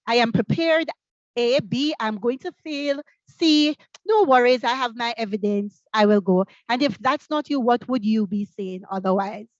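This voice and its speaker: A woman with a Jamaican accent leading a teacher training workshop over a video call. She is energetic and fires off rhetorical questions. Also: fairly high pitch, normal speed, no echo, highs cut off. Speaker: workshop facilitator.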